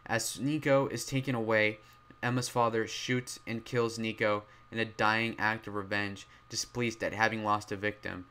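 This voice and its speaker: A man reviewing horror films in a loud, rambling way, full of fillers and restarts, his voice strained from talking loudly. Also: lowish voice, level tone, normal speed, clear, resonant tone. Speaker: movie reviewer. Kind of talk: casual spoken film review.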